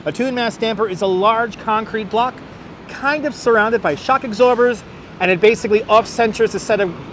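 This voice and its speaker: A chatty man with a New York accent leads a live walking tour, greeting his viewers by name in a fairly high voice. He is recorded outdoors on a wireless clip-on mic, with faint street traffic humming behind him. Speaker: livestream walking-tour host. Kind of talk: casual live-stream chat with viewers. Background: faint city traffic.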